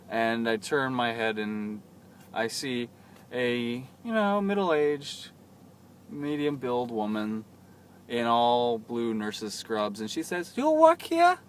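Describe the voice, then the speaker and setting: A man's voice: medium pitch, a little hiss or hum. Rambling young man vlogging. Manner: rambling, chatty, self-deprecating storytelling. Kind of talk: casual vlog monologue. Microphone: camera mic.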